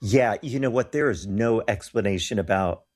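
Low husky man telling a story. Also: moderate pace, darkish tone. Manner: earnest, acts out quoted voices. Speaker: guest telling of mission trips. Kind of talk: animated personal storytelling.

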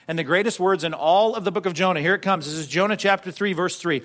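Guy preaching a sermon, kinda high voice, chatty, keeps asking right?. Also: a bit bright. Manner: conversational preaching with frequent "right?" asides; slows and stresses quoted scripture. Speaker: pastor.

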